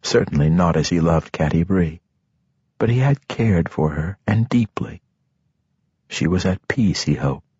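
A man reading a fantasy novel as an audiobook narrator, measured and expressive, in a dull, dry recording. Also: low voice, husky, no echo.

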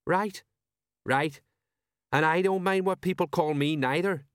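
A man voicing a cheerful, slow-witted middle-aged sergeant with homely, working-class talk. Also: a little high, a bit bright, clear, resonant tone, no room sound, studio quality, pitched above the performer's own voice. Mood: chatty plodding.

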